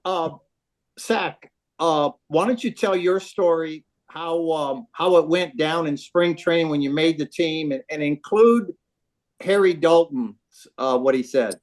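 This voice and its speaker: A man's voice: on the high side, measured pace. A man hosting a casual chat, nudging his guests to tell their stories.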